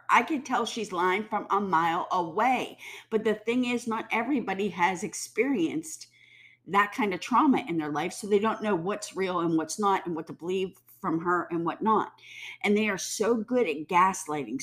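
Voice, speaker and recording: A woman giving heated, blunt commentary, swearing freely and mimicking people mockingly. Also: lowish voice. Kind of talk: ranting commentary.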